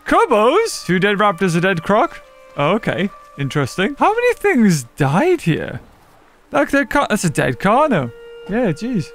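An excitable man narrating his gameplay in a high voice that jumps all over the place. He laughs often and calls out to the other players as he goes. Faint game music plays underneath. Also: unhurried. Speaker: gaming channel host. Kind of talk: casual gameplay commentary.

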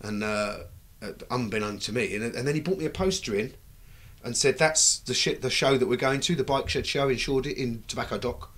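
A middle-aged British man telling stories in a casual chat, lively and swearing freely as he acts out what people said. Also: medium pitch, brisk. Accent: British English. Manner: animated, acts out quoted dialogue, swears freely. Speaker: bike builder, guest. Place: recording studio.

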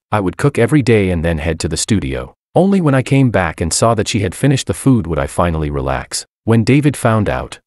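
A man's voice: sits low, darkish tone, dry recording, clean studio sound. A man narrating a first-person story in an earnest, brooding storytelling manner.

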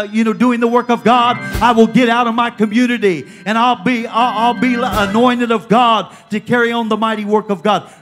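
A woman preaching a fervent Pentecostal sermon at a church service, exhorting the congregation. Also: a little high. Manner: fervent, exhorting, with repeated calls of "come on".

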